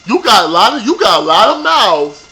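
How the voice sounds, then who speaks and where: A man recapping a reality TV episode for his viewers in a profane, animated rant, talking straight to them. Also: sits high, normal speed, poor audio. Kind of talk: ranting show recap.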